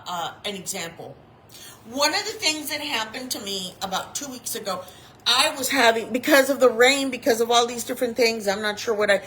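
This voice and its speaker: A woman in her fifties preaching a sermon as a chaplain, talking in an animated way and acting out the people she quotes. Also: high voice, slight background noise, low-quality recording. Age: 50s.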